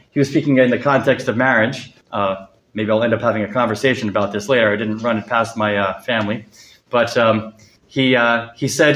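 A man preaching a sermon, earnest, lifting his voice for emphasis and dropping soft on key words. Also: mid-range voice, normal speed. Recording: echoey room.

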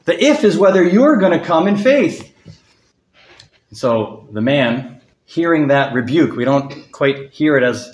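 A man preaching a sermon, earnest, lifting his voice for emphasis and dropping soft on key words. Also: fairly high pitch. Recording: echoey room.

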